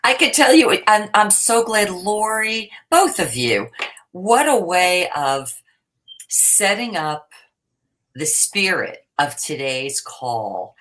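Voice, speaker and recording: A woman speaking as a panelist on a video call, slow and gracious. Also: mid-range voice, very animated, fairly bright tone. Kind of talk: webinar panel discussion.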